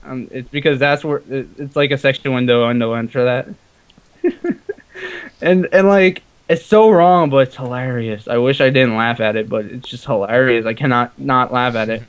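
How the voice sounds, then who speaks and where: A man's voice: medium pitch, moderate pace, smooth. A man playing a block-building game with a friend, rambling and giggling with lots of "like". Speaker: co-player. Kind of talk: casual gaming chat over voice call.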